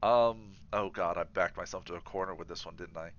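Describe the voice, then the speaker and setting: Bright-voiced man rambling on stream. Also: deep voice, a little fast, a little hiss or hum. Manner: rambling, many fillers and restarts. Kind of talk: casual chat while gaming. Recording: slightly dull livestream audio.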